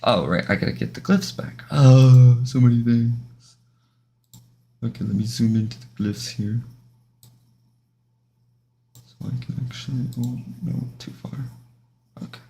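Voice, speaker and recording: A man's voice: on the low side, moderate pace, gravelly, long pauses, breathy edge. A man streaming a game live, rambling casually to his viewers and often restarting his sentences. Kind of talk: casual live-stream chat while gaming.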